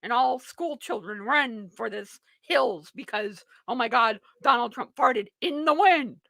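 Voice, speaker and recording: A woman's voice: on the high side, lively intonation, unhurried, creaky, fairly bright tone, no room sound. A woman hosting a live political talk show, rambling and mocking in a sarcastic tone. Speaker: show host.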